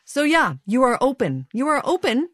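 A woman's voice: high voice, big pitch swings, moderate pace, a bit bright, dry recording. A middle-aged woman hosting an interview, attentive and encouraging with short affirmations. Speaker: podcast host.

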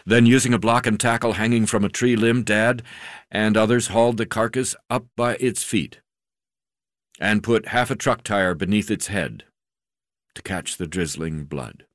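Deep-voiced man reading his memoir. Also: moderate pace, no echo, studio quality. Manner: unpolished reading with frequent uh fillers and restarts.

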